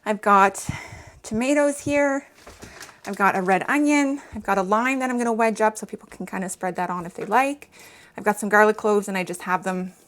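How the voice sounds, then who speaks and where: A woman in her thirties from Canada hosts a casual cooking vlog, talking straight to viewers while she cooks at home. Her medium-pitched voice is a bit bright and moves at a moderate pace, chatty though a little short of breath.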